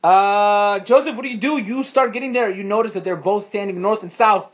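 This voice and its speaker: A man's voice: sits high, brisk, dull audio. A man narrating as game master, improvising loosely with laughs and swearing. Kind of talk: narrating a tabletop game with friends.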